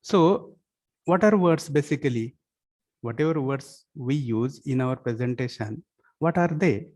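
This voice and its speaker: A man's voice: mid-range voice, expressive, unhurried, a little mellow. A man, lecturing a class of students and often asking them whether they follow. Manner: keeps checking understanding with "yes or no?" questions; switches into Marathi and Hindi to explain. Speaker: college lecturer.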